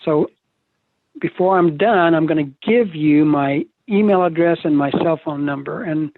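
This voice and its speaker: Over a video call with tinny, dry audio and no echo, an older man gives a live motivational seminar. His voice is a little high and a little slow, and he tells stories in a folksy, joking way.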